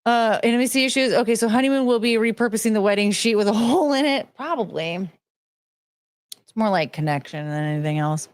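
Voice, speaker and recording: Her voice is a little high, brisk, clear and resonant, with no room sound. This woman in her thirties hosts a casual show, reading and responding to chat with blunt, mildly profane, animated remarks and mocking voices for anything she quotes.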